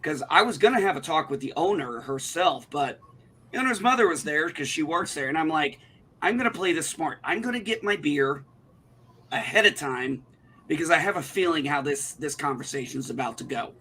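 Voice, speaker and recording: A man's voice: on the high side, lively intonation, a little fast, sharp tone, a little hiss or hum. Indignant man ranting. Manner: indignant, profane storytelling. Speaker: livestream co-host. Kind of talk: casual chat, telling a story.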